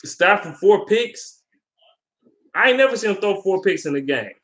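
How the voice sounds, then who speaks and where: A man's voice: high-pitched, expressive, normal speed, fairly bright tone. A young man in a casual, heated sports rant, swearing a lot and rambling between points. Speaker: sports fan vlogger.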